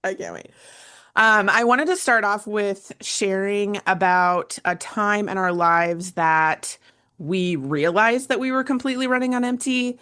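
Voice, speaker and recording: A woman host and coach in casual panel chat, telling a story with animated asides and laughs. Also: medium pitch, smooth.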